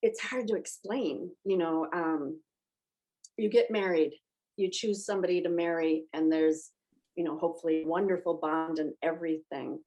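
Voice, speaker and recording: Woman, lowish voice, earnest, reflective, casual podcast chat. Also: fairly even intonation, normal speed, dark tone, low-quality recording.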